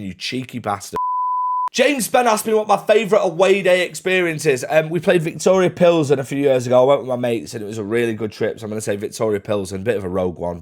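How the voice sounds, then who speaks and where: A young man, chatting casually as he answers fan questions in a laddish, slangy way. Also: medium pitch. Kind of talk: casual Q&A to camera.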